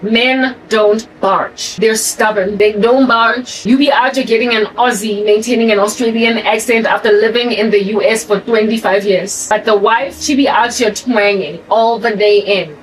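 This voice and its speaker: South african woman in her 40s, accent gone kinda american, rambly and emphatic, higher voice, bit far from the mic with soft music behind. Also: fairly even intonation, normal speed, few pauses, slight background noise. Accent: South African with American influence. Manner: rambling, emphatic, self-correcting. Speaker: channel host. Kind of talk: ranting monologue.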